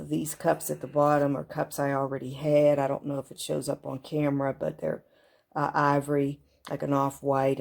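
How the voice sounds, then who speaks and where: A woman's voice: extremely low pitch, creaky, a little mellow. A woman giving a casual show-and-tell of her home decor, chatty and full of fillers and unsure asides. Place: at home beside a kitchen cart. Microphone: handheld camera moved up close.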